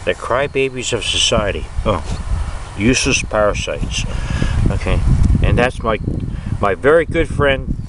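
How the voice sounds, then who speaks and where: A man's voice: fairly low pitch, measured pace, long pauses. Folksy middle-aged man outdoors in wind. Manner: folksy, jokey, animated. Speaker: video host. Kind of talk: casual outdoor vlog. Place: outdoors in a windy rural yard.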